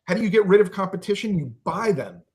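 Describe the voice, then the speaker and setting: A man's voice: high-pitched, lively intonation, fast talker, darkish tone. A man speaking as a podcast guest in a heated political discussion, angry and impassioned, swearing and restarting his sentences.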